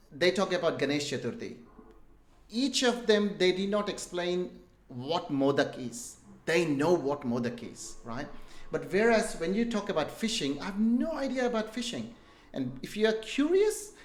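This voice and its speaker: A man from India, speaking as a podcast guest and giving earnest, emphatic advice. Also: sits high. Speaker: guest entrepreneur. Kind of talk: podcast conversation. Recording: echoey room.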